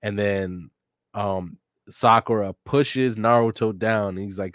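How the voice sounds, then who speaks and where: A man's voice: on the low side, fairly even intonation, slow, no room sound, studio quality. A young man hosting a podcast, reading a manga aloud and reacting to it in casual, joking, profane commentary with bursts of laughter. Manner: joking and profane, with sudden loud laughing outbursts.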